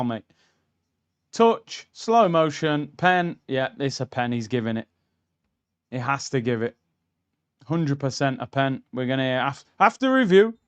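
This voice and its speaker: A young man hosting a live football watchalong, reacting bluntly and excitedly to the match. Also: medium pitch, a little slow, smooth.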